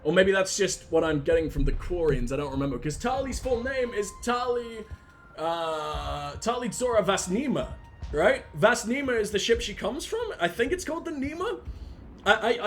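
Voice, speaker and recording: A man rambling excitably through gameplay commentary, swearing freely. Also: sits high, normal speed, faint music behind. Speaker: let's play host.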